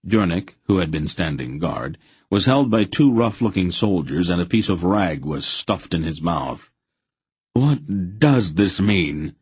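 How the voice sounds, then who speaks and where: A man narrating a fantasy audiobook in a steady, even reading voice. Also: low voice, moderate pace, slightly rough, dry recording. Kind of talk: scripted narration.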